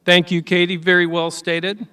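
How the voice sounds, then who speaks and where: Man, high bright voice, ceremony host, joking asides, heard from afar. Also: monotone, moderate pace, far from the mic. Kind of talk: ceremony hosting.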